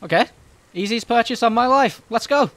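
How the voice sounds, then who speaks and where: A man giving joking, excitable commentary while playing a game, often shouting at enemies. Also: very high voice, moderate pace. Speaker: gaming YouTuber. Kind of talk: comedic let's-play commentary.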